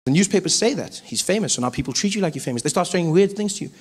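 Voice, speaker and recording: A man with a South African accent doing stand-up comedy, telling stories with animated delivery. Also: high-pitched, very noisy. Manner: animated storytelling, quick shifts in voice.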